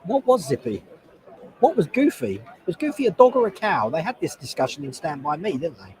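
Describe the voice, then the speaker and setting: A man, hosting a casual livestream from a loud convention hall on a noise-cancelling headset, chatting in a rambling way and reading comments aloud. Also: fairly high pitch, sing-song, brisk. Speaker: host.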